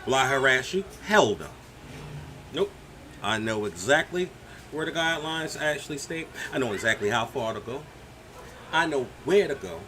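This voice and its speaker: Brief: man hosting a reaction rant, bright ringing tone, lively swinging pitch, mocking delivery. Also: moderate pace, slight background noise. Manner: animated, mocking, swings from shouting to muttering. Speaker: commentary channel host. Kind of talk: ranting reaction commentary.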